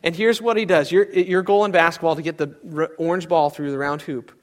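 A man's voice: a little high, steady tone, fairly quick. A young adult man preaching a sermon, telling stories with animation and acting out other people's voices. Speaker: pastor.

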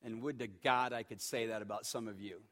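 A middle-aged male pastor preaching a sermon, emphatic, swinging from hushed tones to shouts. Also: lowish voice, fairly even intonation, a little fast.

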